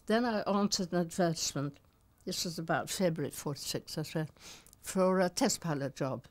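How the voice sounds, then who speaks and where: A woman's voice: fairly low pitch, normal speed, low-quality recording. An older woman, a former wartime pilot, recalling stories in a documentary interview, acting out other voices and laughing as she goes. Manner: lively storyteller, acts out voices, laughs often.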